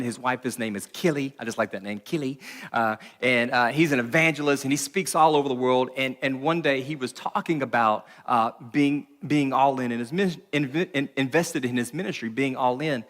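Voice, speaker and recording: A man's voice: medium pitch, fairly bright tone. Pastor guy preaching, earnest, stumbles and repeats himself, churchy hall echo. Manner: earnest, halting, repeats words. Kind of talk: sermon.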